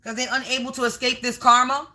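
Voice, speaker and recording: A woman's voice: high-pitched, flat delivery, quick pace, pushed and bright. A woman doing a casual spiritual reading on a livestream from home, emphatic and repetitive, talking straight to her viewers.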